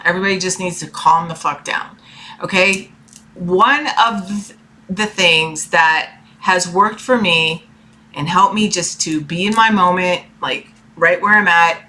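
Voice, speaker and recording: A woman's voice: fairly low pitch, pushed and bright. A woman giving a casual tarot reading from her room, talking in a rambling, chatty way and often checking in with "okay?". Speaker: tarot reader.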